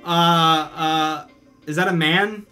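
A young man co-hosting a gaming video, bantering loudly and sarcastically and swearing freely. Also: a little high, steady tone, slow, music in the background. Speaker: gaming channel co-host. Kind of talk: casual gameplay banter.

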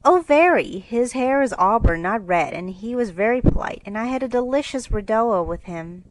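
A woman's voice: fairly high pitch, animated, moderate pace, pitched above the performer's own voice, lightly acted, low-quality recording. A woman voicing a genteel, fussy young woman, the tired older sister, in a read-aloud storybook. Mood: chatty.

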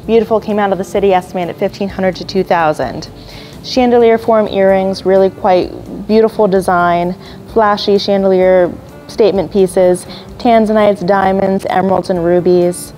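A woman leads a preview of upcoming auction lots. She talks through each piece in a mellow, unhurried voice, with the odd filler and apology. Soft music plays faintly behind her. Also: medium pitch, fairly even intonation, poor audio. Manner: describes items one by one, admiring, with small apologies and fillers. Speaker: auction house jewelry specialist.

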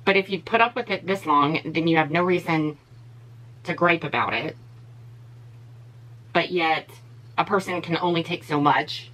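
A woman's voice: low voice, normal speed, long pauses, a bit bright, poor audio. A woman beauty vlogger giving blunt, opinionated commentary in a casual chat while she does her makeup.

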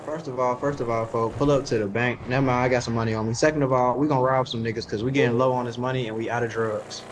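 A man's voice: medium pitch, fairly even intonation, noisy background. A man in a game role-play, talking boastfully about money and clothes. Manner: fast boastful street talk, shows off outfits. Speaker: fellow role-play player.

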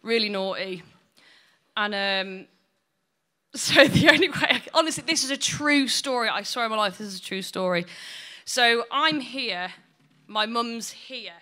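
A woman's voice: a little high, a little slow, sharp tone. A woman doing blunt, sweary, self-mocking stand-up storytelling. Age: 20s. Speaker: stand-up comedian.

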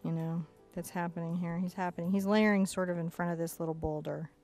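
A woman's voice: fairly low pitch, steady tone, fast, darkish tone, faint music behind. A woman teaching a casual step-by-step acrylic painting lesson in a chatty, playful way, narrating her brushwork as she goes. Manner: chatty, playful, talks to herself while painting.

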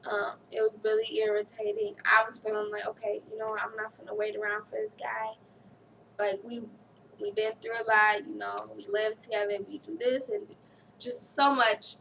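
Young woman, personal vlog storytelling, gravelly fry, set back from the mic. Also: medium pitch, level tone, fairly bright tone, far from the mic, slight background noise, low-quality recording. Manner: candid, halting, reads a card aloud. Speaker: vlogger.

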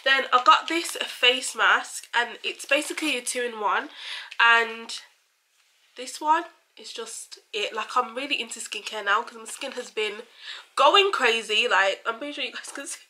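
A woman's voice: fairly high pitch, a little slow, sharp tone, rough recording. A young woman chatting casually through a shopping haul, bubbly and full of fillers. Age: young adult. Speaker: beauty vlogger.

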